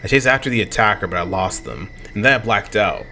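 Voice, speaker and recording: Brief: young male let's play host, quick, lively reading of game dialogue, stumbles and self-corrects. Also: on the low side. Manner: animated, stumbling over words. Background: game music.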